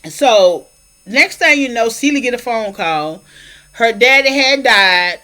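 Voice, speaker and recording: High-voiced woman retelling a film. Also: measured pace. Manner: animated storyteller, colloquial, slips into character voices. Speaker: movie reviewer. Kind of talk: casual plot recap.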